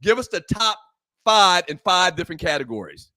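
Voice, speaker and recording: A man's voice: high-pitched, sing-song, normal speed, bright, forceful tone, no echo. A man co-hosting a sports talk podcast, casually ribbing his brother and laughing often. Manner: teasing, playful, laughs often. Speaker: podcast co-host.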